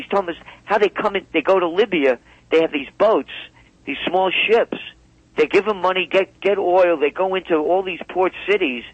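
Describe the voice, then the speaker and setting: A man's voice: on the high side, a little fast, dry recording. A man speaking as a guest in a radio interview, emphatic and heated as he tells a story. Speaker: guest commentator. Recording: dull dry phone line.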